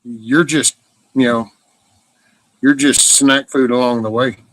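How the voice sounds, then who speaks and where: A man's voice: mid-range voice, steady tone, takes it slowly, fairly bright tone, a little hiss or hum. A middle-aged man hosts a livestream in a rambling, casual monologue. He is blunt and profane, and his talk wanders and restarts. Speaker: livestream host.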